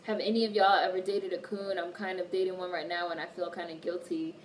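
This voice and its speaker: A woman's voice: lowish voice, flat delivery, a little fast. Woman livestreaming from a distant mic. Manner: reads viewer comments aloud and answers them, cursing freely. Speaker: livestream host. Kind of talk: casual livestream chat. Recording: distant mic with faint background noise.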